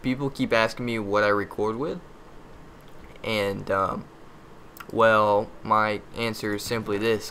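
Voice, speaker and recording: Guy muttering and yelping over his game, cusses a lot, crude jokes, bright kinda low voice. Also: steady tone, slow pace, long pauses, a little hiss or hum. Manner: muttering, easily frustrated, yelps and curses at the game; crude joking. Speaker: gameplay commentator. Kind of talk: casual game commentary.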